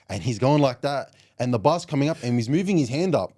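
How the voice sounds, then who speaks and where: Talking fast in a mid-range voice, this twenty-something Australian rugby league pro is an animated guest on a laid-back podcast. His storytelling is thick with "like" and "you know."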